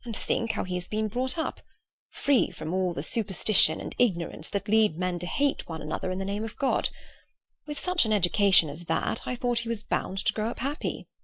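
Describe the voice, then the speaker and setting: A woman's voice: medium pitch, animated, fairly quick, vocal fry, fairly bright tone, dry recording. A woman voicing a polite, flustered young woman with a prim, eager way of talking. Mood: earnest.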